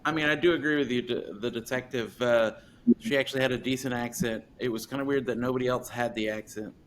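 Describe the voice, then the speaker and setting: A man's voice: medium pitch, fairly even intonation, fast talker, a little hiss or hum. A man hosting a podcast, talking about a film in an easygoing, hesitant way full of fillers. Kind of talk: casual film chat.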